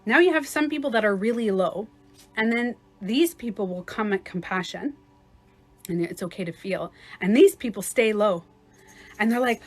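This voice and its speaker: A woman life coach giving a casual livestream talk, chatty and quick to laugh, acting out little scenarios as she explains. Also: medium pitch, faint music behind.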